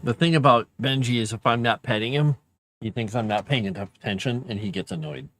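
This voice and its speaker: A middle-aged man chatting casually while writing, often talking softly to his cats. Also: mid-range voice, fairly quick. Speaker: writer streaming his work.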